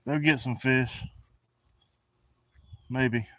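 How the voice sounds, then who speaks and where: A man's voice: mid-range voice, fairly even intonation, drawn-out words, bright, forceful tone, no room sound. A man chatting casually on a fishing live stream outdoors by the water, in a folksy, easygoing way. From Florida.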